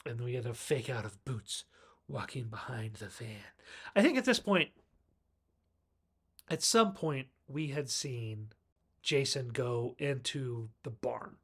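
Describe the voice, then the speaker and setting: A man's voice: medium pitch, animated, takes it slowly, long pauses, a bit bright, breathy edge. A man reviewing a film in a casual recap, chatting along and acting out the characters' lines as he goes. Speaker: movie reviewer.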